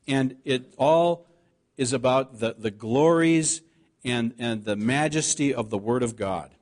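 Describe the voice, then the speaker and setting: A man preaching a sermon, reading scripture aloud and slowing down to stress the key words. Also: mid-range voice, darkish tone. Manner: earnest preaching, slows to stress scripture quotes. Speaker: pastor.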